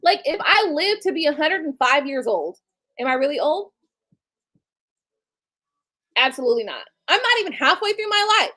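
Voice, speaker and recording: A woman's voice: sits high, big pitch swings, normal speed, long pauses, bright, forceful tone. A woman in her late thirties hosting a casual live stream, talking bluntly and candidly with casual swearing. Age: late 30s. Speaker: livestream host.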